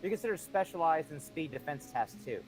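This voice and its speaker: An excitable man talks through his turn in a tabletop game, swearing freely. His voice sits a little high, with music clearly audible behind him. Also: a little fast. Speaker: player. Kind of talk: casual game talk.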